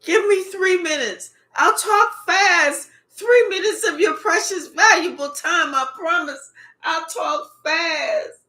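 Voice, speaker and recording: Reader doing a groveling ex-lover, high pleading voice, desperate, echoey room. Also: sharp tone, exaggerated voice. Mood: begging. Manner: pleading, breathless promises to talk fast.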